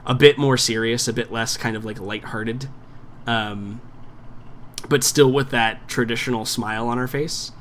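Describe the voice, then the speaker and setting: A man's voice: mid-range voice, steady tone, a little slow, fairly bright tone, slight background noise. A man running a tabletop game as game master, narrating in a loose way full of fillers. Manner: casual, many fillers like "um" and "like".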